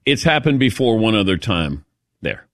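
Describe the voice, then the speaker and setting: A middle-aged man hosting a radio talk show, telling an animated story and calling on his cohosts. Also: on the low side, normal speed, no echo, clean studio sound. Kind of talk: casual studio chat.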